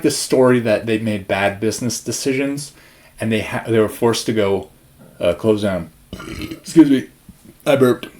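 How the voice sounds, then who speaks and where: A man's voice: mid-range voice, a little mellow. A young man rambles through a casual vlog in a plain mid-range voice. He sounds a little winded and keeps wandering into side stories. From Spokane area, US Pacific Northwest. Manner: rambling, self-interrupting, chatty. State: slightly out of breath. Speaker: vlogger.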